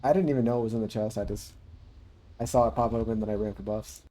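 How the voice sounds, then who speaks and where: A man's voice: fairly low pitch, steady tone, quick pace, warm tone. A man streaming a game, chatting casually and laid-back, often chuckling and trailing into fillers. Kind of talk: casual livestream chat while gaming.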